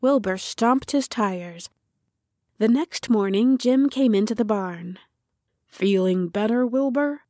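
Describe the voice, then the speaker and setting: A woman narrating a children's audiobook in a slow, gentle storytelling manner. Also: medium pitch, dry recording, studio quality.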